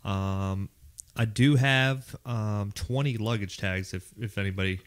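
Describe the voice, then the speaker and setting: A man's voice: lowish voice, measured pace. A man with a Pittsburgh accent, a guest organizing a hike, chatting casually with filler words. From Pittsburgh, Pennsylvania. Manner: relaxed, rambling, with filler words. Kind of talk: casual chat.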